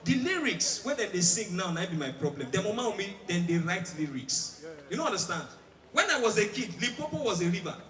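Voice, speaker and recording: Animated Nigerian comedian on a big stage. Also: male voice, sits high, brisk, some chatter behind. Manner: animated storytelling in Pidgin, mimicking sirens and voices. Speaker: stand-up comedian. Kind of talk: stand-up comedy routine. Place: large outdoor stage. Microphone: stage microphone. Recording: echoey live venue, mic at a distance.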